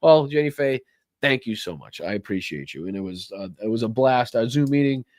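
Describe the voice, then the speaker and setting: A man's voice: medium pitch, expressive, a little fast, darkish tone, no echo. Man, livestream host, American accent, rambling with fillers, profane, dry close-mic sound. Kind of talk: casual livestream chat reading viewer donations.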